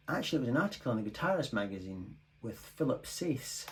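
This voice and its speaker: A guitar teacher gives a casual lesson at home, recorded on a phone mic, playing guitar between phrases while thinking aloud, chatting and joking about his own playing. His medium-pitched voice is expressive and fairly quick, with hardly any pauses. Audio quality is poor, with a loud electric guitar and drum loop behind him.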